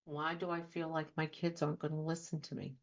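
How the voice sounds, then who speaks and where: A woman who is a trauma and life coach hosts a radio talk show, speaking earnestly and posing many rhetorical questions. Her voice is low and brisk with little pitch movement, and the audio is dull and lo-fi.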